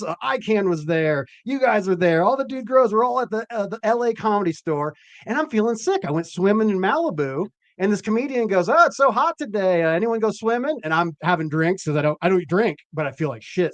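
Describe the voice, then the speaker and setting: Animated high-voiced man hosting a stream. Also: no room sound. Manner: animated, rambling, profane. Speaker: podcast host. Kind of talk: casual live-stream chat.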